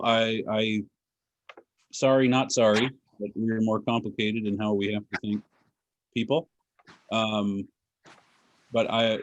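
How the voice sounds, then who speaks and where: A man's voice: lowish voice, dry recording. A man giving a patient language lecture, explaining pronunciation step by step with dry humor. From Alaska. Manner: dry self-deprecating humor. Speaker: language teacher and speaker. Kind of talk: lecture with audience questions.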